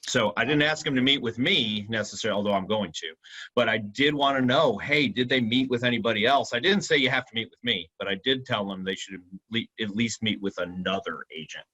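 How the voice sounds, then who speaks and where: A man coaching real estate agents in a casual training discussion, explaining things in a soft, questioning way. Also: fairly low pitch, a little fast, breathy edge, rough recording. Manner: explanatory, demonstrates a softly questioning tone.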